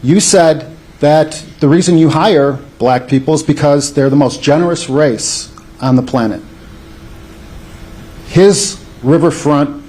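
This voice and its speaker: Slow, deliberate accusatory man. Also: mid-range voice, warm tone, slight background noise. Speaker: questioner confronting a politician. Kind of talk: pointed public questioning.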